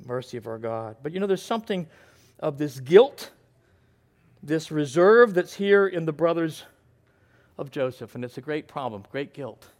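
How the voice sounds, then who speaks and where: A pastor with a notably high voice and lively intonation delivers an earnest sermon at a measured pace. He pauses often, slipping into quiet, reflective stretches before pressing his points with emphasis.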